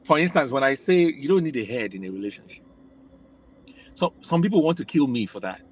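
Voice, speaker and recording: A man's voice: mid-range voice, lively intonation, a little fast, poor audio. A man from Nigeria, a podcast guest, explaining his views at length in a reflective way, often restarting his sentences. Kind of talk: casual podcast conversation.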